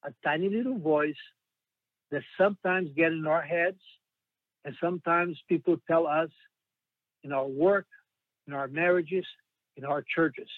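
A man preaching a sermon in an earnest, emphatic way, slowing down when he quotes scripture. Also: a little high, no room sound. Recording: tinny phone-like sound.

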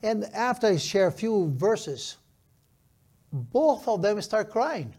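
A pastor in his fifties preaches a sermon, his voice sitting somewhat high for a man. He talks emphatically and stretches out the phrases he wants to land, with slightly non-native phrasing. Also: big pitch swings, a little mellow. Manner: emphatic, slows down for key phrases.

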